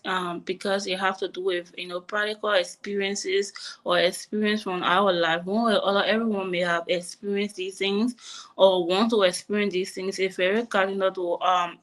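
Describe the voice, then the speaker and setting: A woman's voice: mid-range voice, fairly bright tone. A woman speaking as a panelist in an online discussion, rambling with frequent "um" and "you know" over a remote call. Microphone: remote streaming call.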